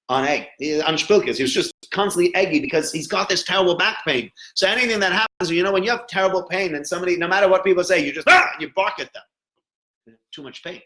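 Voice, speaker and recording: A man giving a sermon as a rabbi, telling stories in an animated way and acting out the people in them. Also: fairly high pitch. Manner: animated storyteller who acts out the people in his stories. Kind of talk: storytelling sermon. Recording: roomy echo.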